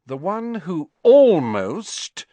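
Brief: man performing a teenage schoolgirl, high and lilting, sweet with an edge, audiobook. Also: sing-song, normal speed, no echo. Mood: pointedly sweet. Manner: bright, emphatic, with a put-on giggle. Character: teenage girl, clever and pointedly sweet.

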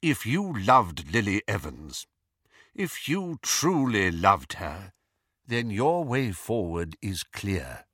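A man reading an old wizard headmaster in an audiobook, speaking in a measured, cool and deliberate way. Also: lowish voice, very animated, fairly bright tone, slightly rough, dry recording, clean studio sound, exaggerated voice. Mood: stern. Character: old wizard headmaster, calm, cold, probing.

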